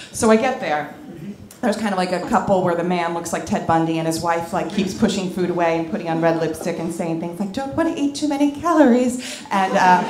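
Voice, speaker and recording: A woman telling a comic story on stage to a live audience, animated and candid, often laughing as she talks. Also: mid-range voice, echoey room, slight background noise. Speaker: comedic storyteller. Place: club stage before an audience.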